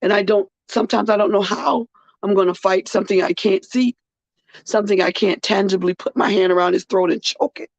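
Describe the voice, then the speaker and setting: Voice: mid-range voice, steady tone, brisk, vocal fry, no room sound. Tired, earnest speaker on a dull recording. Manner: earnest, emphatic, repeats phrases for weight. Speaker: podcast host. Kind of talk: personal heartfelt monologue on faith and hardship. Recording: dull, muffled dry recording.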